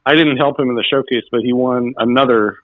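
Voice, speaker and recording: He has a mid-range voice and talks fairly quickly on a dry, dull, lo-fi recording. As a talk show guest he tells casual stories with animation, acting out quotes between laughs.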